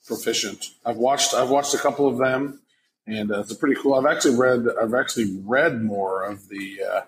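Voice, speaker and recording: A man's voice: mid-range voice, moderate pace, slight background noise, poor audio. Playful man co-hosting a podcast. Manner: playful, teasing, self-mocking. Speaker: podcast co-host. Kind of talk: casual podcast chat.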